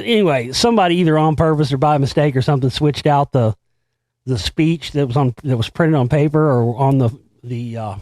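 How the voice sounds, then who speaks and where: A man's voice: on the high side, a little mellow, no room sound. An American man hosting a casual solo talk show, rambling and profane, laughing at his own stories. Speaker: host.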